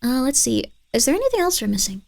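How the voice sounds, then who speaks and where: A woman's voice: sits high, very animated, fast, gravelly, a little mellow. A woman streaming a game live, chatting playfully, scolding her pet and bantering with her viewers as she plays. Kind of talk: casual live-stream gameplay commentary.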